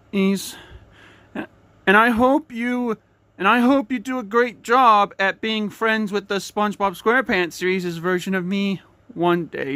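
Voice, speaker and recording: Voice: mid-range voice, a bit bright, no echo, natural voice. A young fan performer voicing an eager, apologetic sea sponge hero in a homemade cartoon, rambling and restarting often. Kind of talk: fan-made cartoon voice acting.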